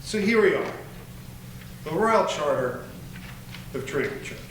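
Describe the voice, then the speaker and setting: A man with a high voice gives a relaxed history lecture to a seated audience, stopping to explain terms and check in with the room. His voice rings around a roomy hall, with a faint hiss underneath. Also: a little slow. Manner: explanatory, loose, asks the audience "right?". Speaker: church warden giving a history lecture. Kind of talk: conversational public lecture. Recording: roomy echo, faint background noise.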